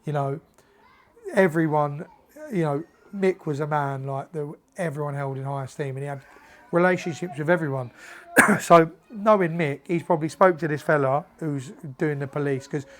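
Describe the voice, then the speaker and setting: A man tells boxing-gym stories in casual chat, slightly higher-pitched than most men. He acts out the voices of the people in his stories and swears freely. The delivery is lively and conversational. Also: normal speed. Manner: animated anecdotes, acts out quoted dialogue, swears freely. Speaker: podcast guest, former professional boxer.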